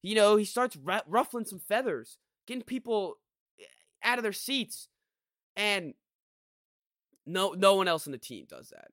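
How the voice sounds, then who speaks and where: A man talking sports on a podcast, rambling and frustrated, often stopping to restart a thought. His voice is bright and a bit high for a man. The sound is close and dry, with no room in it. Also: animated, unhurried, pauses often, dry recording. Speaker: podcast co-host. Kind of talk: casual sports chat.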